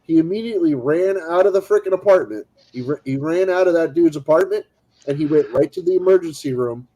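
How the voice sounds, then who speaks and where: A man in a casual stream with a voice pitched a little above the usual. He rambles through a story with restarts and acts out the people in it. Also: brisk, low-quality recording. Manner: animated, acts out quoted people.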